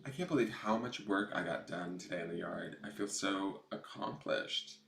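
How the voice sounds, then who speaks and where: On a camera mic in an echoey room, a male tarot reader livestreams a casual reading, chatty and rambling with occasional swearing. His voice sits low and is creaky and slightly bright, at a moderate pace.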